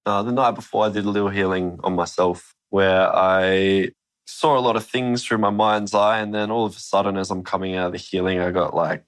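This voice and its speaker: A man's voice: sits low, steady tone, a little fast. A young man telling a story in a casual interview, laid-back and swearing freely.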